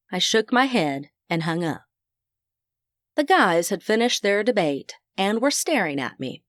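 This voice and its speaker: A woman's voice: medium pitch, no room sound, studio quality. A woman narrating a first-person audiobook, full of folksy phrases. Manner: folksy Southern idioms.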